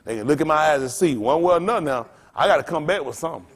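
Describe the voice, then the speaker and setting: A male pastor with a notably high-pitched voice preaches in an informal, rambling way. He is blunt and freely profane, trading call-and-response with the congregation as he goes. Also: expressive, rapid-fire.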